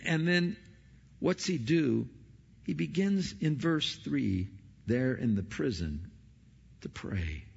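A gravelly-voiced man delivers a sermon, rising into loud emphatic stretches and dropping into quiet, low asides. His voice rings with a long hall reverb, and the recording sounds dull and muffled. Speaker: pastor.

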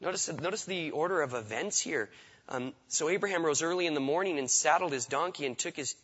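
A man preaching a sermon in a loose, conversational way, often repeating words as he begins a thought. His voice is bright and forceful. It carries a long hall echo on a slightly dull recording. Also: fairly high pitch. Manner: conversational, repeats words when starting sentences. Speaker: pastor.

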